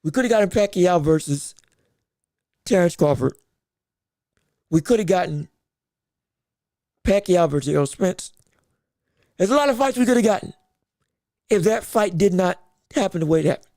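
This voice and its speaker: A man's voice: high-pitched, animated, moderate pace, pauses often, dark tone, no room sound, studio quality. A man hosting a boxing podcast livestream, talking emphatically and repeating himself when worked up. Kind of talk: livestream sports commentary.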